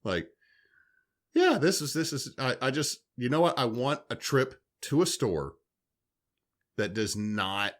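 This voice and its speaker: A man, telling animated stories on a podcast, swearing freely. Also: mid-range voice, measured pace, pauses often. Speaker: podcast co-host. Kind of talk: casual storytelling chat.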